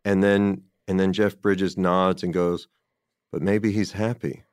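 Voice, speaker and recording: Man, very low voice, smooth and clear, dry close sound, casual rambling film talk. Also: flat delivery, a little slow, darkish tone, no room sound. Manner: rambling, enthusiastic, quotes dialogue in passing.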